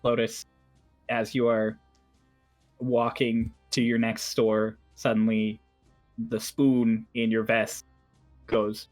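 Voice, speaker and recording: A man narrating as game master of a tabletop game, in relaxed chat with restarts. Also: lowish voice, slow pace, long pauses, soft background music.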